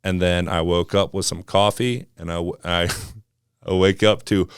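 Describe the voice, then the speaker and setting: Deep-voiced relaxed male podcast host. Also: a little slow, clear, resonant tone, no echo, clean studio sound. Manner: relaxed, rambling, lots of fillers and restarts. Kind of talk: casual interview conversation.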